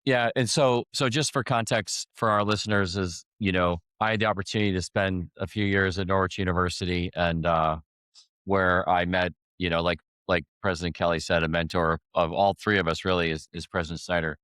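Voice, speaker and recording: A man's voice: low-pitched, fairly even intonation, brisk, fairly bright tone, clear, resonant tone, no echo, studio quality. A man hosting a podcast, polite and casual, addressing his guest respectfully. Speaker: podcast host. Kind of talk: casual interview talk.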